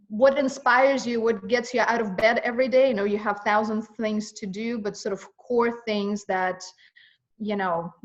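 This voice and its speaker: A middle-aged woman from Russia hosts a casual video-call interview, her speech halting and full of restarts as feeling rises in it. The stream audio is muffled and lo-fi. Her voice sits at a middling pitch. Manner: halting, many restarts, emotional. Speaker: host.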